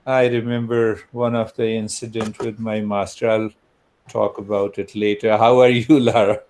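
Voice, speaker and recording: A man leading a guided meditation, chanting and giving calm, measured instructions, then checking in with his students over a video call. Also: fairly low pitch. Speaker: meditation teacher.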